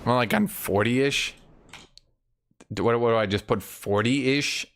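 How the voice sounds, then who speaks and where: A man's voice: mid-range voice, a little slow, fairly bright tone. A young man streaming a game, casually joking and talking straight to his chat. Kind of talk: casual live-stream commentary.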